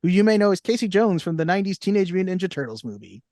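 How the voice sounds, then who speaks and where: A man's voice: sits high, very animated, rapid-fire, mellow, dry recording, studio quality. A young man co-hosting a movie podcast in casual chat, reading cast lists and review quotes aloud. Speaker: podcast co-host.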